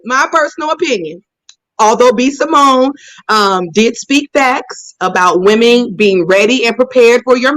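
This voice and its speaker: Blunt sassy woman with a lively high voice. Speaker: podcast co-host. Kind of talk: casual chat.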